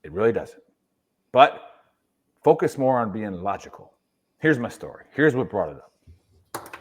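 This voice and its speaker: A man's voice: on the low side, very animated, normal speed, a little hiss or hum. A male veteran on a casual podcast telling a story with emphasis, often adding "right?" to push his points. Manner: emphatic, rhetorical "right?" tags.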